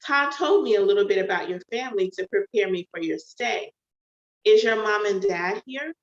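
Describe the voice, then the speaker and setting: A woman's voice: medium pitch, expressive, moderate pace, close to an everyday voice. A woman voicing a playful, friendly young woman in a read-aloud novel. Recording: echoey, dull home recording.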